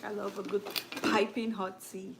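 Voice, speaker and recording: A woman's voice: medium pitch, flat delivery, normal speed, creaky, heavy background noise. A woman hosting a casual beauty chat, reading comments and gossiping with frequent laughter. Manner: chatty, laughs often, gossipy. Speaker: beauty channel host.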